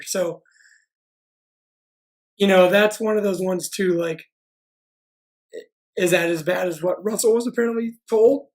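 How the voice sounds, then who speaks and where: A man's voice: sits high, poor audio. A man co-hosting a sports podcast who rambles through anecdotes, filling gaps with "like". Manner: rambling storyteller, constant "like" filler. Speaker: podcast co-host. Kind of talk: casual sports chat, anecdote telling.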